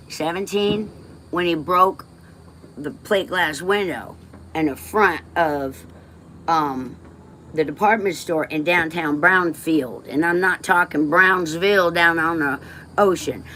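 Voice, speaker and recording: A woman's voice: lowish voice, slow pace, sharp tone, a little hiss or hum. A woman from West Texas, livestreaming and telling rambling personal stories in a blunt, emotional way, swearing freely and drifting off topic.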